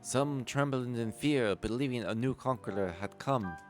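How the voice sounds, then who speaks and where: A man reading the lines of a small, formal storyteller from a merchant clan, measured and solemn. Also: medium pitch, faint music behind, voice pushed up, close to an everyday voice. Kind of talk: reading game dialogue aloud.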